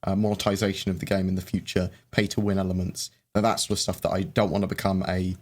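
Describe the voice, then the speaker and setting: A man's voice: low-pitched, little pitch movement, fast talker. A man hosting a casual live chat, rambling and hesitant, with lots of fillers and restarts. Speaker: livestream host. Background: faint background music.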